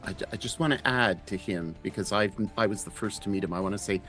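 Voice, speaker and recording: A man's voice: on the low side, quick pace, hardly any pauses, a bit bright. A man speaking as a player in a tabletop game, boastful when in character. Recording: faint background music.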